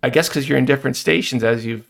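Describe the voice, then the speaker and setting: A man's voice: medium pitch, fast talker, vocal fry. A man hosting an interview, asking easygoing, folksy questions with small hesitations. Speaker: podcast interviewer. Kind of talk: conversational interview.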